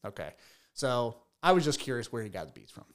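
Regular guy beekeeper rambling on a podcast, keeps restarting his sentences, middle pitch. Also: big pitch swings, brisk. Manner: chatty storyteller, repeats words while restarting. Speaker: beekeeper and bee business owner. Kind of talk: casual podcast interview.

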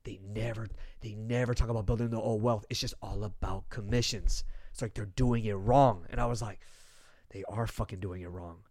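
Swearing young podcast host, dry sound. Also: male voice, on the low side, fairly quick, no echo. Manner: casual, profane, animated storytelling. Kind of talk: casual chat.

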